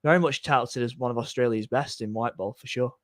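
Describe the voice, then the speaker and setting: A man co-hosting a live cricket watchalong, chatting quickly and casually, often checking for agreement with tag questions. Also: medium pitch, fairly bright tone, dry recording, clean studio sound. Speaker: cricket podcast co-host.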